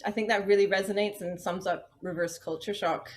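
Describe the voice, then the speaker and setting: A woman from Vancouver answers interview questions in a mid-pitched voice. Her Canadian accent carries a faint English tinge, and she talks in a reflective, candid way, often pausing on ums. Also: fairly even intonation, a little hiss or hum. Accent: Canadian with a slight English tinge. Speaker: guest, musician and music therapist. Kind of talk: conversational interview.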